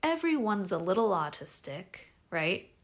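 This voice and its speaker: A woman's voice: medium pitch, sing-song, a little slow. A young adult woman hosting a podcast, talking casually and animatedly with lots of fillers and restarts. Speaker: podcast host.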